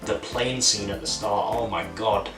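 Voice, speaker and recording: A man's voice: fairly low pitch, fairly even intonation, unhurried. A man hosting a casual movie review, talking enthusiastically and rambling with many fillers. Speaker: channel host reviewing a film. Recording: echoey room, distant mic, music. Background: music.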